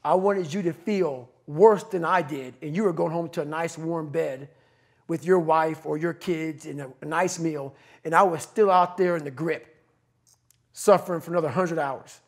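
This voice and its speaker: A middle-aged man on a podcast, giving a blunt, profane, forceful motivational talk. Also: fairly high pitch, moderate pace. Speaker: podcast guest.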